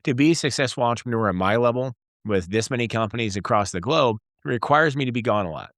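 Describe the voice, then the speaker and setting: A man in his forties, a guest entrepreneur, telling stories in a casual interview and acting out bits of dialogue with lively energy. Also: mid-range voice, fast talker, dry recording, studio quality. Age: 40s. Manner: energetic storyteller, acts out dialogue.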